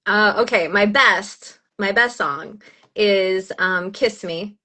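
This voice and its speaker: A woman in her thirties, an audiobook narrator chatting as a guest, animated and gushing, laughing often as she talks. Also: mid-range voice, slow pace. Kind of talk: casual chat.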